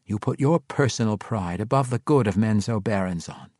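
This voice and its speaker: A man voicing a cool, stern female dark elf high priestess who speaks in a dry, quiet, commanding way. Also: moderate pace, dry recording, close to an everyday voice.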